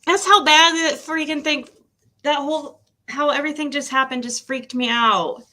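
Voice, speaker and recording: A woman's voice: high-pitched, normal speed, sharp tone. A woman doing a casual tarot-reading livestream at home, emotional and nervous, laughing between readings and talking to her pet.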